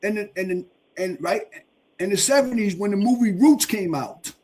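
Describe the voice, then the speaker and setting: A man's voice: sits high, moderate pace, darkish tone. A man in his fifties on a podcast panel, insistently repeating his question during a heated debate. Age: 50s.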